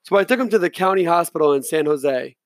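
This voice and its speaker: A male reader narrating a novel in the first person, his voice sitting slightly high for a man. He reads plainly, now and then stumbling and restarting a word. The recording is dry and close. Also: animated, fast, no room sound. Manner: plain reading with occasional slips and restarts. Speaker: audiobook reader.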